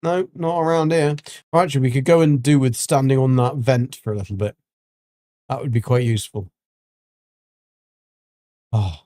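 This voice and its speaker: A man chats his way through a gaming livestream, wandering between thoughts with frequent ums and restarts. His voice sits at an ordinary middle pitch. The sound is dry and close, with no room echo. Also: normal speed, pauses often, a little mellow. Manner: rambling and chatty, with many ums and restarts. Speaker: livestreaming gamer. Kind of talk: casual livestream chat while gaming.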